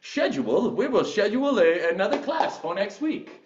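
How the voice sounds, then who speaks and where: A man putting on an exaggerated plummy British accent as a courtly, flattering gentleman. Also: high voice, normal speed, voice pushed up. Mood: pompous. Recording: roomy echo, distant mic, dull sound.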